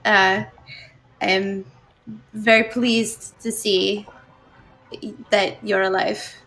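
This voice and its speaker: Brief: a woman doing a stoic Soviet woman pilot, formal and proud, with a gravelly, creaky edge. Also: mid-range voice, little pitch movement, very slow, a bit bright, low-quality recording. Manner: stiff, formal greeting.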